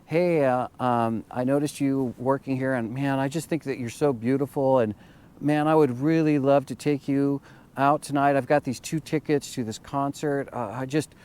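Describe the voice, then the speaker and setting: A man voicing a bold young male coworker with earnest, halting sweet talk. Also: mid-range voice, steady tone, darkish tone, clear, resonant tone, lightly acted. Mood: flattering.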